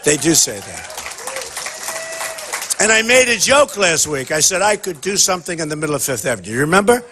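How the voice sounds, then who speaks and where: Husky, boastful man in a rambling speech. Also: a little high, big pitch swings, a little fast, bright, forceful tone, some chatter behind. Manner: boastful, rambling, repeats himself. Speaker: political candidate at a town hall. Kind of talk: off-the-cuff campaign speech.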